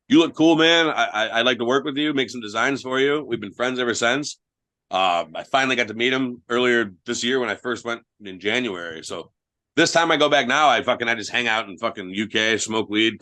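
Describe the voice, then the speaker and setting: A man's voice: lowish voice, bright, forceful tone. A young man, a guest wrestler, telling blunt, profane stories in casual podcast chat.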